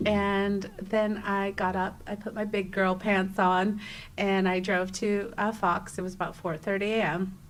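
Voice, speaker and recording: A young adult woman, a podcast guest, telling a personal story in a casual interview, animated and acting out her own exclamations, with frequent restarts. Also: mid-range voice, measured pace.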